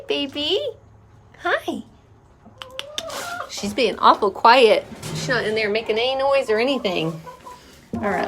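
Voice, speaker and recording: A woman's medium-pitched voice comes from far off with an echoey quality as she casually vlogs beside a rainy chicken coop, talking warmly to viewers and chickens alike. Loud outdoor noise carries clucking hens and a rooster.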